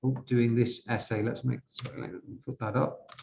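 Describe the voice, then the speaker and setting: A man teaching as an IELTS examiner, correcting an essay step by step and asking viewers questions, with slow, halting speech. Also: mid-range voice, steady tone, vocal fry, a little mellow, slight background noise. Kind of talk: classroom-style essay correction.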